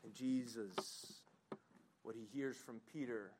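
A man preaching from the pulpit in a slow, deliberate sermon. His voice sits a little high for a man. He swings from ringing emphasis down to hushed, low passages. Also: background noise. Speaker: pastor.

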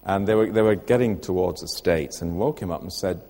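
A man's voice: low-pitched, a little fast, mellow, big-room sound. An older man preaching a sermon in church, earnest, putting direct questions to the listeners.

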